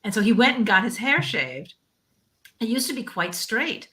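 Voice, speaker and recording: A woman's voice: fairly high pitch, big pitch swings, moderate pace, sharp tone. A woman guest chatting casually and animatedly, laughing often. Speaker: guest author. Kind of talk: casual chat.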